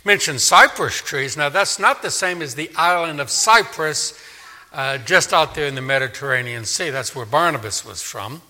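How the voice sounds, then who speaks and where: Preacher guy from new orleans, kinda high, super bright voice, booming big church echo. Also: animated, moderate pace. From New Orleans, Louisiana. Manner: emphatic, swings between loud stresses and quiet asides. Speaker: pastor. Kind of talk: sermon. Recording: long hall reverb.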